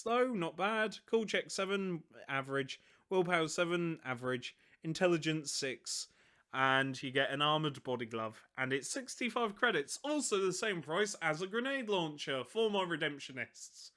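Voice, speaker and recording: A man's voice: on the high side, pushed and bright. A young man giving casual, self-mocking commentary on tabletop game rules, laughing often and swearing freely. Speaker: tabletop wargame channel host.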